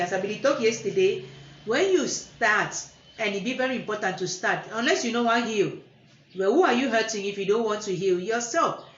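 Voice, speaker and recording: A woman's voice: mid-range voice, a little hiss or hum. A woman with a West African Pidgin English accent gives an emphatic motivational livestream talk. She repeats words for stress and switches between Pidgin and standard English. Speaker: motivational speaker. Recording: roomy, dull lo-fi livestream audio.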